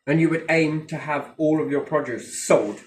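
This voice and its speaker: A man's voice: fairly high pitch, moderate pace. A man in casual chat, rambling and swearing, joking and acting out little dialogues. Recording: roomy echo.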